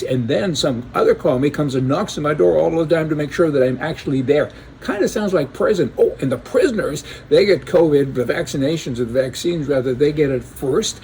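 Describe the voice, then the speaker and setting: A man's voice: on the high side, creaky, a little mellow, a little hiss or hum. A man from Canada delivering an opinionated political monologue, punchy and sarcastic with folksy wordplay. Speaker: political commentator.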